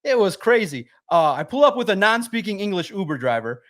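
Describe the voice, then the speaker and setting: A man with a fairly high voice chats on a sports podcast. He tells his stories in an animated, excited way and swears freely. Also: brisk. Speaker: sports writer guest. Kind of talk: casual podcast chat.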